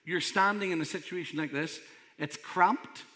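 A man's voice: sits high, moderate pace, sharp tone. A man preaching a sermon as pastor, emphatic and conversational. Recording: long hall reverb.

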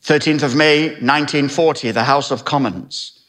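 A man's voice: on the high side, steady tone, moderate pace, fairly bright tone. Dramatic preacher in his sixties. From Britain. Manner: dramatic storytelling delivery with wry asides. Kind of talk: sermon.

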